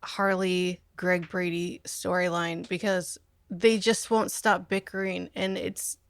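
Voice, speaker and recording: A woman's voice: on the low side, little pitch movement, slow, gravelly, no echo. A woman hosting a comedy podcast, chatting casually about a movie, laughing often and sarcastic. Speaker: podcast host.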